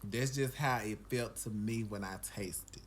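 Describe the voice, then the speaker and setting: A man's voice: on the low side, a little slow, a little hiss or hum. Sleepy, full man drawling to y'all. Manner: relaxed, drawling, repeats himself, talks to viewers as y'all. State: sleepy and full after eating. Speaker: food vlogger. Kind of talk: casual food review vlog.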